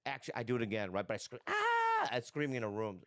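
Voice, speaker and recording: A man in casual podcast chat, an animated storyteller who swears freely and acts out scenes. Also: fairly low pitch, racing, dry recording, clean studio sound. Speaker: podcast guest, comedic actor.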